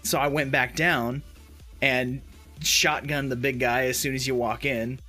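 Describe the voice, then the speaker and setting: A man in casual podcast chat, telling a game anecdote with lots of fillers and laughs, dropping into high put-on voices for the characters. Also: level tone, unhurried, bright, forceful tone, soft background music. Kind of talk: casual chat about video games.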